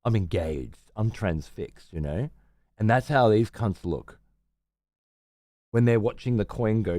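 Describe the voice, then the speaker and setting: A man's voice: lowish voice, unhurried, pauses often, dark tone, no room sound, clean studio sound. An Australian man streaming live, ranting in a rambling, profane and sarcastic way. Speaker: livestreamer. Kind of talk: casual livestream rant.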